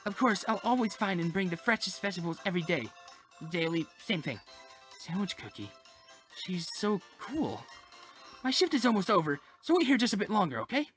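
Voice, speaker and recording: A woman's voice: medium pitch, very animated, fairly quick, soft background music, lightly acted. A woman voicing a cheerful young female cookie who runs a sandwich shop, read aloud from a game. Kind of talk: reading game dialogue aloud.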